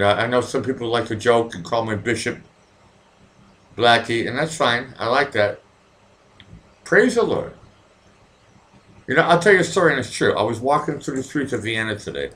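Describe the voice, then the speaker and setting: A man's voice: mid-range voice, a bit bright. A middle-aged American man hosting a casual livestream, chatting with viewers in a profane, rambling way while drinking. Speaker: livestream host. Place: at home in Vienna.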